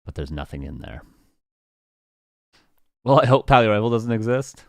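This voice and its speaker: This is a man with a lightly West Coast Canadian accent calling a live strategy game match. His voice sits a bit low, and the sound is dry and close. He jokes with viewers, laughs easily, then slides back into match commentary. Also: very animated, moderate pace, dry recording. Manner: joking, laughs often, answers chat questions. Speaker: esports caster.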